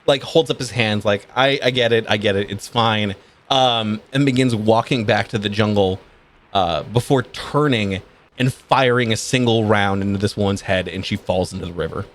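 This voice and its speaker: A man with a slightly low voice runs a tabletop game as game master. He describes each scene in a relaxed, unhurried way, pausing often with ums and uhs as he builds the picture for his players. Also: a little hiss or hum.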